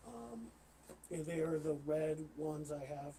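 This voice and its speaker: A man talking as a podcast guest in casual chat, halting, with many fillers and restarts. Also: on the high side, lively intonation, gravelly, dark tone, a little hiss or hum, poor audio. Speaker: interview guest, LARP player.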